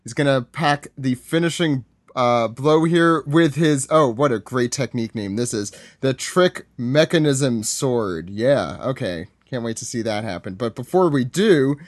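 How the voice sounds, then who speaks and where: A man on a podcast casually recapping a comic, joking and filling pauses with ums. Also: mid-range voice, expressive, dry recording. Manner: joking, laughs often, many fillers. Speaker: podcast panelist. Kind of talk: casual manga recap chat.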